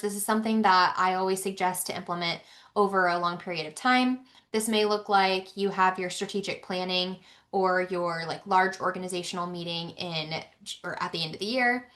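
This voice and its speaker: A woman's voice: mid-range voice, fairly bright tone. Chatty woman trainer on a webinar. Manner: chatty, many ums and restarts. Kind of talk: live webinar lecture.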